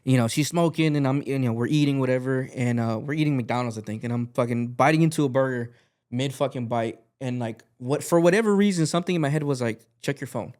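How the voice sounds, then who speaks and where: A man's voice: medium pitch, fast talker, darkish tone. A man, a podcast guest and music artist, telling a rambling story in a casual chat, full of fillers and swearing, acting out the lines he quotes.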